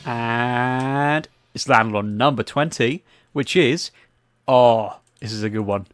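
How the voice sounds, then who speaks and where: Man, podcast host, mid-pitched voice, easygoing delivery, clear music in the background. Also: slow, fairly bright tone. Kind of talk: casual chat and scripted outro reading.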